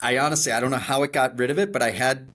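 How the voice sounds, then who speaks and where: Man, middle-aged, Chicago accent, animated storyteller, self-deprecating, restarts a lot, mid pitch. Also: racing. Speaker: podcast co-host. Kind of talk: conversational storytelling.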